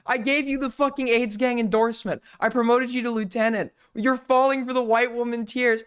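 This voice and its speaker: A man doing heated live commentary on a clip, mocking and excitable, sometimes breaking into loud rants. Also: extremely high pitch, brisk, hardly any pauses, clean tone. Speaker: commentary streamer reacting to a clip.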